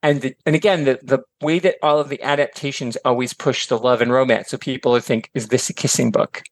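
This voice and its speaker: A middle-aged man from Michigan chatting as a podcast guest, animated and filler-heavy, slipping into voices for quotes. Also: mid-range voice, fairly quick, no room sound. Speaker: podcast guest, author and educator. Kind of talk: casual chat.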